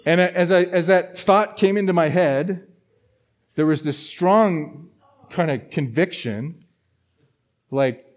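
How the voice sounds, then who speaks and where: Guy pastor preaching, kinda high-ish voice, rambly story with restarts. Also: slow, long pauses. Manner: storytelling, animated with many restarts. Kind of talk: sermon. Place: church.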